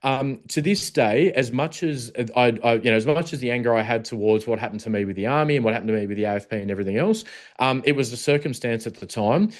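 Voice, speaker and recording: A man's voice: medium pitch, fast. A man in his forties with an Australian accent, talking bluntly as a podcast guest and swearing freely. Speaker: podcast guest, former protection officer. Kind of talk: casual conversational interview.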